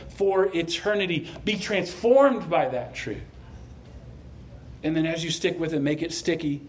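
A man's voice: on the high side, slight background noise. A male pastor preaching a sermon, conversational and then passionately exhorting the congregation, ending in prayer.

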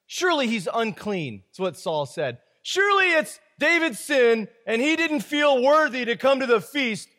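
High-voiced casual preacher in a hall. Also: male voice, a bit bright. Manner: reads scripture aloud, then riffs in slangy asides. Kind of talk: casual Bible-study sermon.

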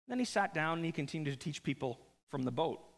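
A pastor preaches fast in a fairly high, gravelly voice whose pitch swings widely. He tells the story in an animated, conversational way, cracking jokes, while the large church hall adds a long trailing reverb.

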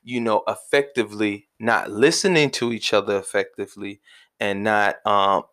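Male co-host, lowish voice, easygoing and colloquial, casual chat. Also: normal speed. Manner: relaxed, informal and colloquial. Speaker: podcast co-host.

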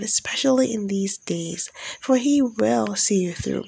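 A woman minister leading a fervent, solemn spoken prayer, with repeated declarations in a steady devotional cadence. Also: medium pitch, measured pace, creaky, breathy edge.

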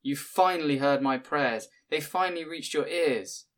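A man's voice: fairly high pitch, moderate pace, pitched above the performer's own voice, lightly acted. A man voicing a tearful, pious older village mother who laments and frets over her son. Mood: tearful lamenting. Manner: lamenting, fretful.

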